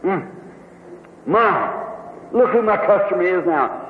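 A man's voice: sits high, expressive, slow, a little hiss or hum. A man voicing a grumpy, scornful old perfume seller, curt and sneering. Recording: tinny phone-like echoey hall.

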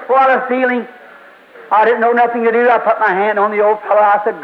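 A high-pitched man preaching with fervent, rhythmic emphasis, pressing each point home to the congregation. The sound comes from a dull, lo-fi old sermon tape. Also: fairly even intonation, a little slow. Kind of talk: revival sermon and testimony.

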